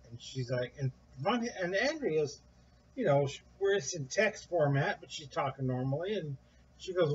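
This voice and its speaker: A man casually telling a rambling story, animated, quoting others in a raised voice, with a husky voice. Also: on the high side, moderate pace, lo-fi sound. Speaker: guest recounting events.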